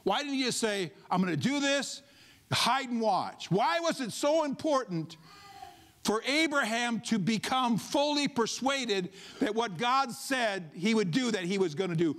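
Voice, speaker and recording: High-voiced man preaching emphatically. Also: expressive, measured pace, a bit bright. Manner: emphatic preaching with repeated rhetorical questions. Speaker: pastor. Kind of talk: sermon. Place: church sanctuary.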